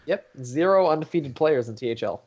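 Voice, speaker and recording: A man appearing as a guest on a casual league show, teasing the hosts with short, quick replies. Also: on the high side, lively intonation, muffled recording, crowd noise. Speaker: guest player. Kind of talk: casual chat.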